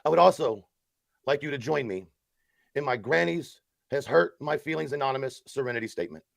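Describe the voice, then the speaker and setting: A man's voice: medium pitch, lively intonation, fairly quick, gravelly, no echo, studio quality. A man hosting a live stream, delivering a sarcastic, mock-solemn support-group speech and then chatting casually with viewers.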